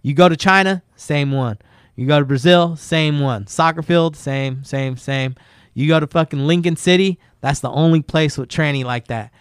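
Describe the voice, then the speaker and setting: A man's voice: fairly high pitch, normal speed, clean tone, dry recording, clean studio sound. A man talking casually on a podcast, laid-back and rambling, swearing a lot as he tells skate stories. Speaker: guest skateboarder.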